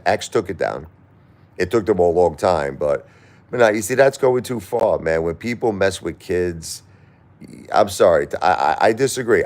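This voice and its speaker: Very deep-voiced grieving man. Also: darkish tone. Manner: halting, repeats words, grief-stricken and pleading. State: crying. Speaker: live streamer reading viewer chat. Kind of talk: emotional live-stream talk.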